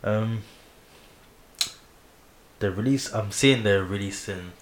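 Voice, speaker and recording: A man's voice: on the low side, slow. A young man, co-hosting a casual chat in a laid-back way, full of fillers and slang. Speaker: podcast co-host. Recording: echoey room with faint hiss.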